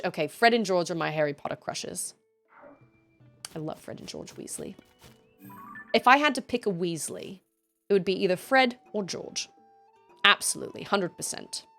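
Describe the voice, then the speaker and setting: Lively chatty woman streamer. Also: medium pitch. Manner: chatty, reads chat aloud, laughs often. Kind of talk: casual chat while gaming.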